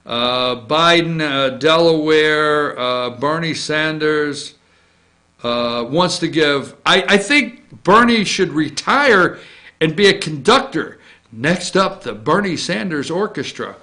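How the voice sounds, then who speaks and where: A man's voice: on the high side, slow. A man hosting a casual opinion show, rambling through a list with jokes and asides. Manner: joking, rambling, animated, with asides. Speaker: host.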